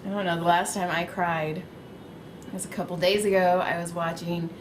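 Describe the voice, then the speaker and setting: A woman's voice: lowish voice, flat delivery, normal speed, slight background noise. A woman in her thirties hosting a casual chat, joking and acting out quotes. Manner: jokey, acts out quotes. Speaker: podcast host and massage therapist.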